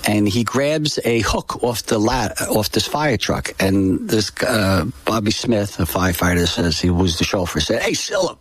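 An older man telling a personal story in an interview, halting and emotional, with many fillers and restarts. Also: on the low side. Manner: emotional, solemn. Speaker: interview guest.

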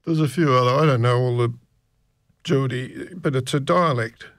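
A man's voice: mid-range voice, normal speed, no echo, studio quality. A man presenting a radio music show in a casual, meandering way, with many restarts as he chats between records. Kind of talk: casual rambling radio chat.

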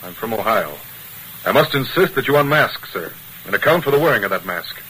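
A man's voice: medium pitch, lively intonation, brisk, pushed and bright, slight background noise, poor audio. An actor playing a suspicious, formal male army captain in a vintage radio drama, with a clipped, demanding delivery. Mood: stern. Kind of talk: 1940s radio acting.

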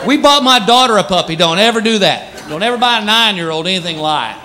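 A man doing a stand-up comedy routine in front of a live audience, animated, jumping into silly voices. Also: quick pace. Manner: animated, jumps into silly high voices for pets. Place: comedy stage before a laughing audience. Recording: live club with loud crowd laughter and noise.

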